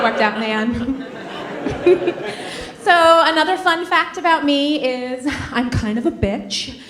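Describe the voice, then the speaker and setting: A woman's voice: high-pitched, takes it slowly, over a noisy crowd. Woman, thirties, stand-up comic, wry sardonic delivery, roomy club sound. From Massachusetts, USA. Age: 30s. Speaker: stand-up comedian. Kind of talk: stand-up comedy set. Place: comedy club stage.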